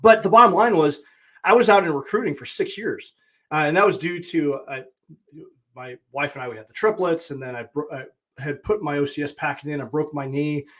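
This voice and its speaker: A man's voice: a little high, a little fast, fairly bright tone. A man in his forties, a podcast host and coach, giving a candid, plainspoken monologue with blunt mild swearing. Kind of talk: casual reflective monologue.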